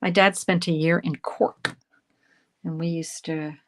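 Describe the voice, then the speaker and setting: A woman hosting a live card-making demonstration. She chats brightly with viewers and greets them by name while she works. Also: fairly low pitch, fairly even intonation, a little slow, slight background noise. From Canada. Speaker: craft instructor hosting a live stream.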